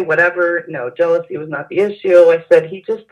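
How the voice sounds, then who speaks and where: A woman recalling events in an interview, speaking haltingly with frequent pauses and fillers. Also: on the low side. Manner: hesitant, halting with many fillers. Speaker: interview guest. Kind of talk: personal recollection in an interview. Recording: dull lo-fi sound.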